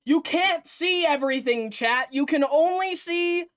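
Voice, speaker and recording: A woman streamer chatting to her viewers as she reacts to a video, excitable and rambling. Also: high voice, a little slow. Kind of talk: casual live-stream reaction.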